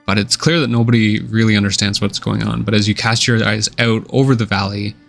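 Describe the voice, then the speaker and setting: A man narrating a fantasy tabletop game as game master in a relaxed, descriptive way. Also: lowish voice, brisk, gravelly, faint music behind. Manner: relaxed, descriptive, many uh and kinda fillers.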